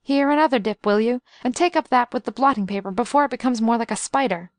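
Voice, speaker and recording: A woman's voice: on the high side, no room sound, lightly acted. A woman doing a wry young invalid man. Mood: wry, fussing. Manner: quick, wry, talkative.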